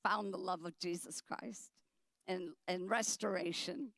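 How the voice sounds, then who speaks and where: A middle-aged woman telling her story at a dinner, animated and emphatic, acting out the quotes. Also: fairly low pitch, measured pace, creaky, dry recording.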